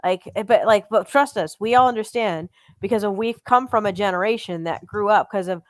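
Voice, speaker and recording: A woman's voice: mid-range voice, a little fast, no room sound, studio quality. A woman in her thirties co-hosting a podcast, speaking earnestly and reassuringly to the chat. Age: 30s. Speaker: podcast co-host.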